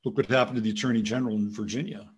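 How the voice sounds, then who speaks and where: A man's voice: on the low side, fairly even intonation, very fast, husky. A man hosting a casual commentary show, rambling from topic to topic and now and then talking to his dog. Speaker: host.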